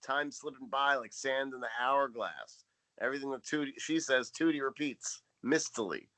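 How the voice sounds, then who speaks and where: Dry, crisp-voiced man podcaster. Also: mid-range voice, moderate pace, no echo. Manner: dry, wry storytelling, deadpan jokes. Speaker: podcast co-host. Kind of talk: casual recap chat.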